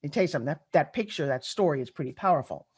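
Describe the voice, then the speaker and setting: Racing along in a low, breathy voice, a middle-aged woman tells stories in a conversational conference keynote. She is animated and chatty, addressing the audience directly.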